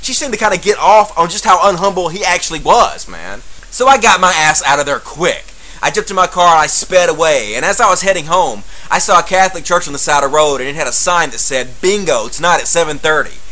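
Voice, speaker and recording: A man's voice: fairly high pitch, expressive, fairly quick, sharp tone, rough recording. A man, telling a profane, sarcastic comic story as a rant monologue. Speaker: comedian.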